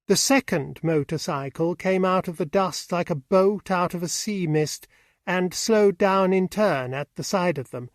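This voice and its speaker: A man narrating an audiobook with steady, even storytelling on a close mic. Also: high-pitched, measured pace, dry recording. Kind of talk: scripted narration.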